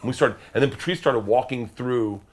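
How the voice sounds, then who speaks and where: A middle-aged comedian telling wild stories as a guest, swearing freely and acting out the other people's voices, sometimes shouting. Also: male voice, medium pitch, a little fast. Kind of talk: animated storytelling.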